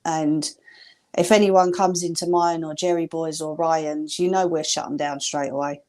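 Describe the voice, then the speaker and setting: A woman's voice: low-pitched, fairly even intonation, moderate pace, a little mellow. A woman talking frankly and reassuringly in a casual chat.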